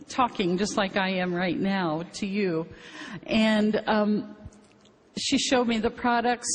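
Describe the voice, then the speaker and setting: A middle-aged woman giving an upbeat, chatty testimonial on stage. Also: medium pitch. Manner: chatty and upbeat, quoting others with animation. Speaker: speaker on stage. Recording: reverberant hall with faint noise.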